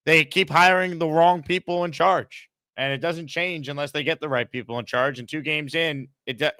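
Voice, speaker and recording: A man hosting a sports talk show, answering in a measured, matter-of-fact way. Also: fairly high pitch, sharp tone, no room sound, clean studio sound.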